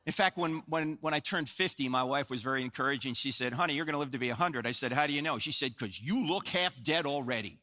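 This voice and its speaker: A man's voice: mid-range voice, fast talker, few pauses. A man in his sixties from New Jersey gives a live apologetics lecture to an audience, telling stories with joking asides and acting out dialogue. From New Jersey, USA. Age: 60s. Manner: animated storyteller, jokey asides, acts out dialogue. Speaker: Christian apologetics speaker. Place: large hall with live audience. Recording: long hall reverb.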